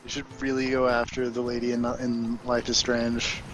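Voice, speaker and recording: Halting, playful man on a call. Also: mid-range voice, monotone, a bit bright, a little hiss or hum, rough recording. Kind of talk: casual gaming chat.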